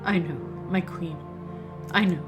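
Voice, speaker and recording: A woman voicing a dying older male knight, speaking weakly and tenderly in halting phrases over faint music. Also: on the low side, voice pushed down, lightly acted.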